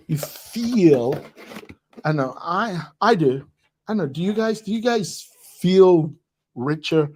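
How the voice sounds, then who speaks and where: A man's voice: medium pitch, a little mellow. An Australian man presenting products on a casual live stream, joking, chuckling and rambling through asides.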